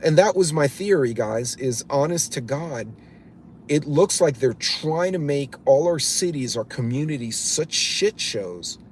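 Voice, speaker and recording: A man's voice: fairly high pitch, lively intonation, unhurried, darkish tone, slight background noise. A man hosting a live stream, rambling bluntly in casual commentary, swearing offhand and greeting viewers by name as he goes. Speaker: livestream host reading chat.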